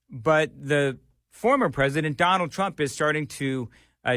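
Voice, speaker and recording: A man's voice: a little high, sharp tone, no echo, clean studio sound. An American man hosting political talk radio, emphatic and repeating phrases as he comments. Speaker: radio talk show host.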